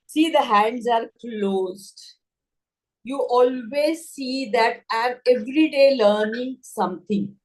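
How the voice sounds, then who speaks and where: A woman's voice: on the high side, a little mellow, low-quality recording. A middle-aged woman giving an online lecture to nurses, speaking in an emphatic, earnest way and repeating points to drive them home. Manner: emphatic, repetitive, earnest teaching tone. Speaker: nursing webinar speaker.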